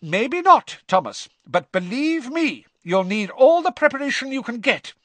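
A man's voice: extremely high pitch, big pitch swings, unhurried, bright, forceful tone, no room sound, pitched above the performer's own voice, full character voice. Professor McGonagall, stern older witch voiced by a man. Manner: clipped, stern, lecturing.

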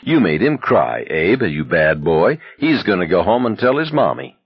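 A man's voice: low voice, very animated, moderate pace, husky, lo-fi sound, heavily acted. A man voicing a smug young man with a sneering, mocking manner.

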